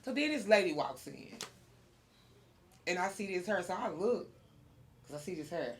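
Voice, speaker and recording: A woman hosting a podcast, telling a story in casual chat, animated and laughing often. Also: lowish voice, moderate pace, a little hiss or hum. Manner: animated storyteller, laughs often, gets loud when excited. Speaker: podcast host.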